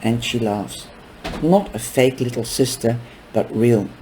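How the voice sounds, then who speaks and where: A man reading a novel aloud, unhurried, with small stumbles and casual asides. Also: medium pitch, warm tone, slight background noise, poor audio. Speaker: book reader.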